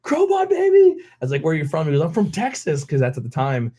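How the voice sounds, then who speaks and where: Lively storytelling man from Pennsylvania. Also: on the high side, very fast, slightly rough. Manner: animated, quotes people in raised voices, laughs often. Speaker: podcast host. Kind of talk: casual storytelling chat.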